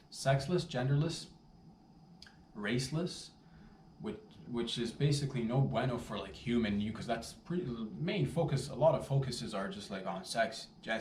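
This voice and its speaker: A man hosting a podcast, delivering a rambling, profane comedic monologue with animated asides. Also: medium pitch. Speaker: podcast host. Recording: roomy, distant mic with faint background noise.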